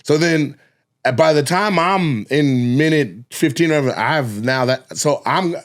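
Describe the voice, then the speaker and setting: A man co-hosting a podcast, telling a profane, animated story and acting out scenes with sound effects. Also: a little high, a little slow. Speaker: podcast co-host, comedian. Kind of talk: casual storytelling chat.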